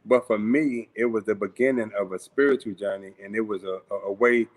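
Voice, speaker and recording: A man's voice: fairly low pitch, fairly even intonation, brisk. A man from St. Louis telling a personal story in a conversational way, acting out the voices of people he quotes and using frequent fillers. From St. Louis, USA. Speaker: guest storyteller.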